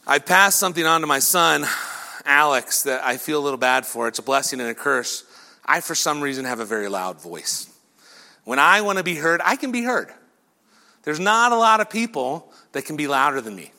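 A middle-aged man preaching a sermon, telling the story in an animated way and acting out crowd voices and whispers. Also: a little high, creaky. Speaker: pastor.

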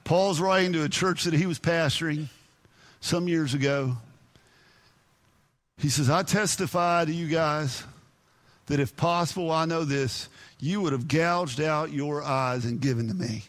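A pastor preaching with a high, bright, ringing voice. He drives his points home emphatically, at times nearly shouting, then drops into quiet, earnest talk. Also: unhurried, pauses often. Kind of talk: sermon.

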